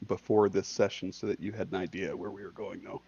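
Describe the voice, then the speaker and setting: A man's voice: sits low, flat delivery, a little fast, vocal fry, mellow, breathy edge, dry recording, muffled recording. A man playing in an online tabletop game, chatting casually over a call. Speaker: player. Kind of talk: casual chat.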